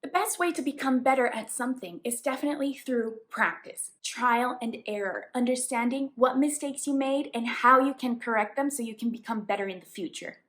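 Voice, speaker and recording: A woman from Colombia with a Colombian Spanish accent, a native Spanish speaker, explaining English tips as a teacher in a clear, explanatory way. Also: fairly high pitch, a little fast, few pauses, a bit bright. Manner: clear, explanatory, emphatic on examples. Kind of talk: tips lesson to camera.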